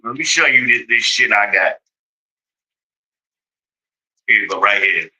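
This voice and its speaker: A man's voice: fairly low pitch, expressive, a little fast, bright, forceful tone, rough recording. A man venting to his viewers in a heated story, exasperated and swearing freely, with sudden mocking outbursts.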